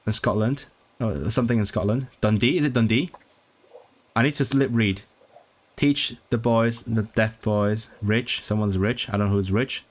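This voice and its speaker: A man streaming a study session, thinking aloud as he works out what is being signed, often restarting words and asking himself questions. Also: on the low side. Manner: halting, restarting words while working out signed content; puzzled self-questioning asides. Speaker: language-learning streamer.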